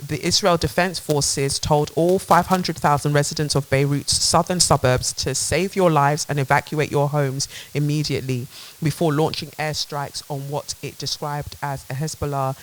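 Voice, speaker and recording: A woman, hosting a podcast, reading headlines aloud and riffing on them in a sarcastic, animated rant with plenty of swearing. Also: low-pitched, moderate pace, a little hiss or hum. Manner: reads headlines aloud then riffs on them. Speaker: podcast host. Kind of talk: ranting news commentary.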